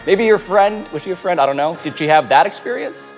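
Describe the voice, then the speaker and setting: Wry male sports co-host, lively pitch. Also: a little fast, soft background music, rough recording. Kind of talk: comedic sports talk.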